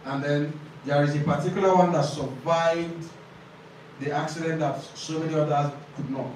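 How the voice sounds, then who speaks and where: A man teaching a classroom exam-prep lesson, explaining slowly, repeating key phrases and quizzing his students. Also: on the high side, fairly even intonation, a little mellow, a little hiss or hum. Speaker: IELTS tutor. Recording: echoey classroom from far off.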